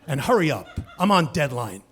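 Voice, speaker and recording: A man voicing a pushy young male campus reporter who fires off hurried questions while on deadline. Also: on the high side, sing-song, a bit bright, husky, pitched below the performer's own voice, full character voice.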